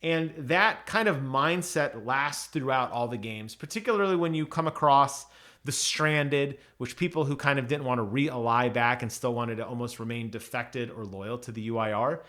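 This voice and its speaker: A man's voice: medium pitch, normal speed, fairly bright tone. A man casually reviewing an audiobook on his channel, chatty, with many ums and restarts.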